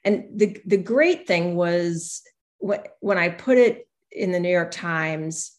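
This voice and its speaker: Fairly low in pitch and animated, this woman's voice moves slowly. As a guest in an interview, the newspaper columnist reflects openly and frequently re-enacts things others told her.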